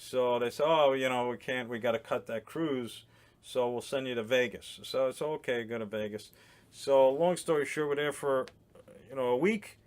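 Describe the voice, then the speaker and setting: A man in casual chat on a podcast, telling a rambling comic story with restarts and quick laughs. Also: mid-range voice, clean tone. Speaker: comedian guest. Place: boat in a harbor.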